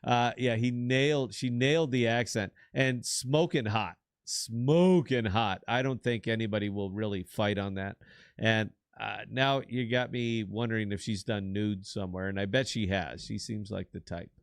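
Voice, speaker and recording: A man's voice: lowish voice, fairly even intonation, normal speed, gravelly, no room sound, studio quality. A man co-hosting a podcast in casual chat, blunt and rambling, swearing freely. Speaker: podcast co-host.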